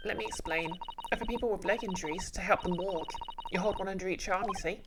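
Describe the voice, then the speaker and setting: A woman's voice: medium pitch, fast talker, very noisy, close to an everyday voice. Woman voicing a chirpy young female assistant. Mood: cheerful.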